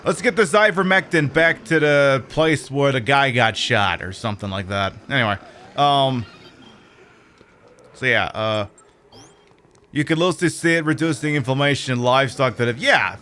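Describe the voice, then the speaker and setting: A man's voice: mid-range voice, lively intonation, moderate pace, pushed and bright. A man with an Australian accent, ranting and swearing in casual chat while streaming a game.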